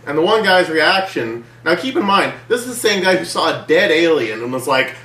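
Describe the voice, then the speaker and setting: A man with a bright, lively voice trades crude jokes about a movie with his co-host. He comes in with short, dry asides. The sound is echoey, with him a little away from the mic. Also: a little high, brisk, distant mic. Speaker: movie reviewer. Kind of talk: casual comedic movie review chat.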